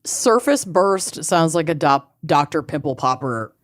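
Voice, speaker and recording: A woman co-hosting a podcast, reacting to her partner with wry, deadpan quips. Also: sits low, unhurried, dry recording, studio quality. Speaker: podcast co-host. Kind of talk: casual chat, reacting.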